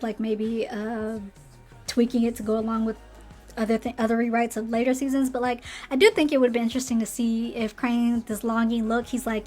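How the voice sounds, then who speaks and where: A woman with a slightly hoarse, somewhat high voice recaps a TV show as a commentator in a casual, animated rant. She acts out the characters' lines as she talks.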